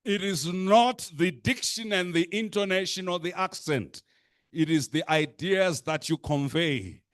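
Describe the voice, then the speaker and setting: A man delivers a rousing speech to a youth assembly, measured and slow with weighty pauses. His voice sits a little high for a man, and he piles up repetitions and lists for emphasis. The sound is dry and close, with little room echo. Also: a bit bright. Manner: rhetorical, repeats phrases for emphasis; deliberate, emphatic pacing with lists. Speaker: speaker addressing a youth assembly. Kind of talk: impassioned speech.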